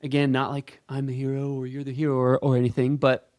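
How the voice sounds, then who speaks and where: A man's voice: mid-range voice, monotone, fast talker, darkish tone, clear, resonant tone, dry recording. Earnest man saying "dude" on a podcast. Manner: earnest, calls everyone dude. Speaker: podcast co-host. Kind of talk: casual podcast chat.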